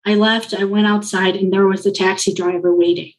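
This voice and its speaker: A woman's voice: mid-range voice, brisk, poor audio. Earnest woman telling a personal story. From Colombia. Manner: earnest, reflective, quotes others in lively reported speech. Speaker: interview guest.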